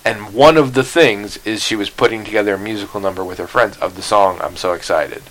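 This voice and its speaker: A man's voice: lowish voice, a little fast, a bit bright, rough recording. A man hosting a casual podcast, rambling and sarcastic, swearing freely and laughing at his own jokes. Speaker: podcast host.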